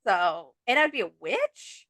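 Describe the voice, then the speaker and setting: A woman's voice: mid-range voice, huge pitch swings, measured pace, fairly bright tone, dry recording, studio quality. A woman co-hosting a casual book-review podcast, talking bluntly with frequent swearing and giggles. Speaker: podcast co-host.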